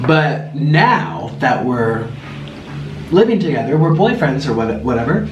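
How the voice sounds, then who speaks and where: A man's voice: medium pitch, unhurried, highs cut off, background noise. A young man chatting animatedly while eating on camera, telling stories between bites. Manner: chatty, animated storytelling with food in mouth. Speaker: mukbang vlogger. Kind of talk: casual chat while eating. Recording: echoey room, mic somewhat far.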